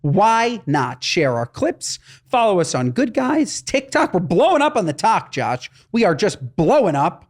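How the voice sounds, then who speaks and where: A man's voice: high-pitched, big pitch swings, measured pace, hardly any pauses. A man co-hosting a comedy podcast, telling stories in a playful, exaggerated way. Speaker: podcast co-host. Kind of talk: casual comedic chat.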